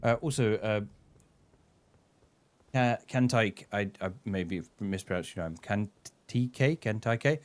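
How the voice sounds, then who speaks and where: Guy streaming a game, low-ish voice, rambles, swears a lot. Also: slow pace, long pauses. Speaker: gaming streamer. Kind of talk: casual live-stream commentary.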